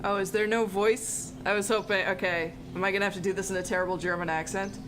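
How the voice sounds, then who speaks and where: A woman's voice: mid-range voice, steady tone, fast, background noise. A woman hosting a live game stream, chatting casually and greeting viewers in chat with an upbeat manner. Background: game music.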